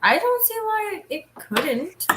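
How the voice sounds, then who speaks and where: A woman's voice: very high voice, very animated, slow, noisy background. A woman chatting on a watch party stream from home, laughing often and making blunt quips. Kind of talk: casual watch party chat.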